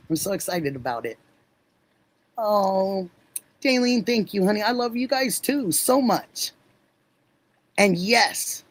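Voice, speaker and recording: A middle-aged woman hosting a livestream, chatting warmly with viewers, effusive and laughing often. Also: fairly low pitch, expressive, slow, pauses often, rough recording. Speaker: livestream host. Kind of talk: casual chat with live viewers.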